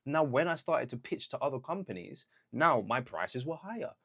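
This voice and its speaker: A man's voice: mid-range voice, very animated, moderate pace, a bit bright. Earnest young man giving a pep talk. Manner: earnest, conversational, acts out quotes of others. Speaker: vlogger. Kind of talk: motivational talk to camera.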